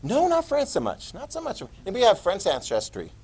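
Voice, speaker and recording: A man teaching a history class, lecturing lively and quizzing his students as he goes. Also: high voice, moderate pace, husky, poor audio. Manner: lively, quizzing students and repeating key words.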